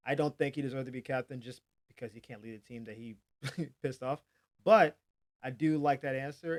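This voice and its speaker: With a slightly high voice, the host of a daily sports news channel chats in a loose, lively way and performs quotes with hyped-up shouts.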